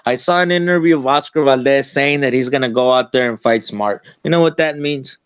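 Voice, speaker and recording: A man's voice: medium pitch, brisk, smooth, no echo. A man chatting about boxing in a laid-back, repetitive way, often saying bro. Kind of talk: casual boxing chat. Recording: dull lo-fi dry sound.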